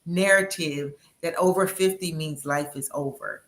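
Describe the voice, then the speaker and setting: Bright-voiced, motivational woman host. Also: low-pitched, unhurried. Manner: emphatic and motivational, often asks "right?". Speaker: interview host. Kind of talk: conversational interview.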